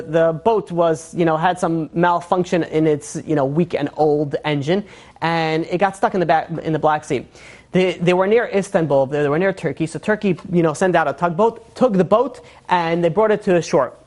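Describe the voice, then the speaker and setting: A man, a rabbi, telling a long story in a sermon, animated and full of fillers. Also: on the high side.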